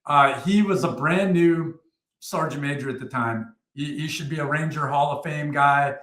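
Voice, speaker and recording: A man's voice: a little high, moderate pace, a bit bright, roomy sound. A middle-aged man, a retired army sergeant, telling war stories as an interview guest in a blunt, profane way, full of fillers and restarts. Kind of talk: casual interview storytelling.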